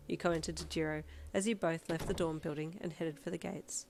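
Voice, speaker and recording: A woman narrating a fan fiction audiobook in a steady second-person storytelling manner. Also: low-pitched, a little fast, gravelly, noisy background.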